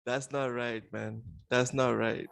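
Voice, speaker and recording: A man's voice: medium pitch, flat delivery, slow, gravelly. A man co-hosting a casual gaming podcast, protesting his friend's teasing in exasperated, laughing banter. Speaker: podcast co-host.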